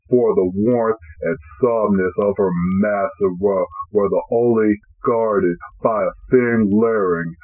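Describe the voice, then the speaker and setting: A man with a fairly low voice narrates an amateur fan fiction reading. His phrasing is halting and read aloud, and the audio sounds thin and phone-like.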